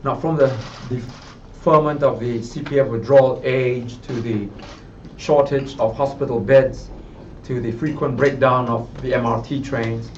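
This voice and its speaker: A man's voice: mid-range voice, steady tone, measured pace, slight background noise. A man with a Singaporean accent, speaking as party spokesman at a press conference in a party office, reading out a prepared biography and then adding loose remarks. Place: party office, room with reporters. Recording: muffled sound from a distant mic.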